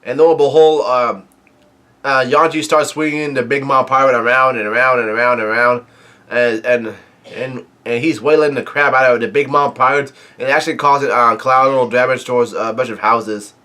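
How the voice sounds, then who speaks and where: A man casually retelling a comic chapter as a reviewer, halting often with fillers and restarts as he goes. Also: medium pitch, fairly even intonation, sharp tone. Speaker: manga reviewer.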